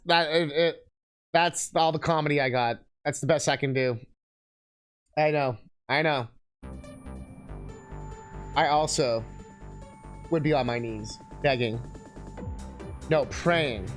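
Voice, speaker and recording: Crude, rambling game streamer. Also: medium pitch. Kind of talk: casual game-stream commentary.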